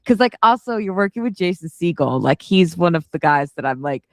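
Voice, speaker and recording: A man co-hosting a podcast, chatting casually about a movie, cursing often and jumping up in pitch when excited. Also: a little fast, dry recording, clean studio sound. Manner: animated, swears often, big pitch jumps when excited. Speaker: podcast co-host. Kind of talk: casual movie review chat.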